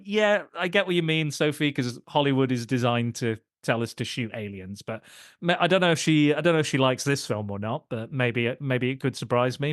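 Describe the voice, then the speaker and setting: Man, average pitch, easygoing joking storyteller, dry close sound. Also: no echo. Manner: jokey, self-deprecating storyteller, easygoing. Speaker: podcast co-host. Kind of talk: casual film discussion.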